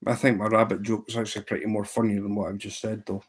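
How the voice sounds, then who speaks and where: A man's voice: fairly low pitch, little pitch movement, fast talker, husky. Chatty man hosting a fly-tying livestream. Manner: chatty, answers viewer questions and tells jokes. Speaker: livestream host. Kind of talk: casual livestream chat while fly tying. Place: indoors at a tying bench.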